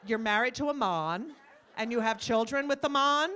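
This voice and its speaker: A woman's voice: on the high side, moderate pace. A middle-aged woman doing a stand-up comedy set in a club, brash and profane, acting out little scenes with voices. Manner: brash, animated, acts out voices, swears freely.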